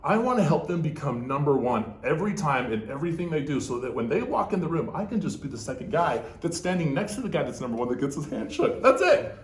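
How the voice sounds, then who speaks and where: A guest entrepreneur tells a business story with animation and emphasis, acting out the dialogue and frequently pausing to ask "okay?". He talks fast in a fairly high voice, in an echoey room.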